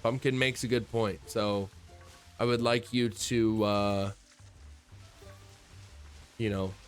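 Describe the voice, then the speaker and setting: A man's voice: on the low side, steady tone, slow pace, clean tone, faint music behind. A man chatting casually on a stream, rambling and laid-back and swearing freely.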